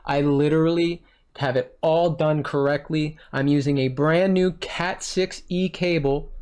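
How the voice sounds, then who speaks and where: A man's voice: fairly high pitch, steady tone, measured pace, a little mellow, clean tone. A man venting his frustration to a support agent on a phone call, repeating himself and swearing as he goes. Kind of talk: heated phone complaint. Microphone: recording his own side of a phone call.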